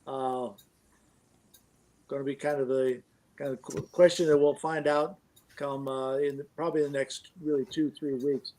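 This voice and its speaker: A man in a casual sports chat, hesitant and pausing often with fillers. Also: mid-range voice, little pitch movement, darkish tone. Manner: hesitant, many uh pauses.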